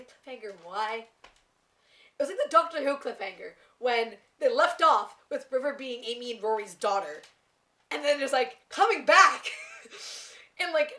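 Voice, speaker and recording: Young woman vlogger, high bright voice, gushy and giggly, casual fan chatter. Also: echoey room. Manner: excited, gushing, laughs a lot. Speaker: TV review vlogger. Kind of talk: casual chat.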